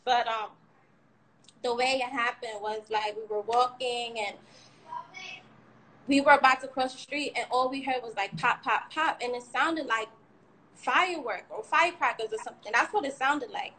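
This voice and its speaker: A woman's voice: on the high side, moderate pace, bright, forceful tone, slight background noise, low-quality recording. A young woman telling a candid, rambling personal account of a frightening ordeal on a livestream, cursing now and then. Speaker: shooting survivor sharing her story.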